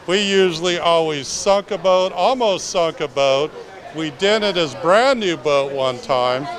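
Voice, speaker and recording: A man fondly recalling fishing trips with a late friend in plain, casual words. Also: on the high side. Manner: plain and fond, with a heartfelt close. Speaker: party guest sharing memories. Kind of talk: casual spoken tribute. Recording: busy crowd noise behind.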